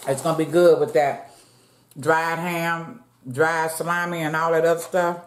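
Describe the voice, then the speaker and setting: Slow, low-voiced woman chatting while eating. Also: level tone, slight background noise. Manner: chatty, addresses viewers as y'all, eats between lines. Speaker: mukbang vlogger. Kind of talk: casual eating-show chat. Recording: echoey room.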